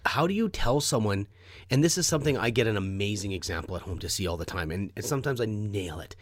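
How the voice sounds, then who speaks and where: A lively man in his thirties hosts a podcast, swinging his pitch widely as he tells candid stories. He acts out quotes loudly and expressively, and his voice sits close and dry with no room sound. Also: fast, dry recording. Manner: animated, acts out quotes with big jumps in pitch and volume. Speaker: podcast host. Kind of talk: candid conversational storytelling.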